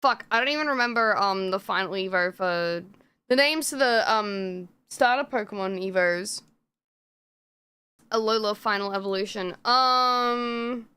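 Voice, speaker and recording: A woman's voice: mid-range voice, a little slow, sharp tone, smooth. A woman streamer chatting casually on a live stream, rambling with lots of fillers and frequent swearing.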